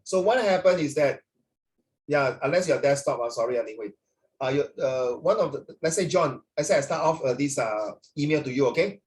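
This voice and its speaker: Heard through a video call, a man tutoring an online class talks in a lively, meandering way crammed with fillers. He speaks fairly quickly at a medium pitch.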